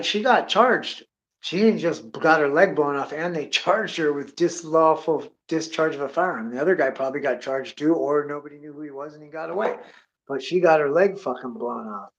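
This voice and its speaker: A man's voice: on the high side, highs cut off. A man telling a rambling comic story, cursing constantly, tacking "dude" onto his lines and acting out noises along the way. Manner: profane, excitable, drawling with "dude"; acts out sound effects and voices.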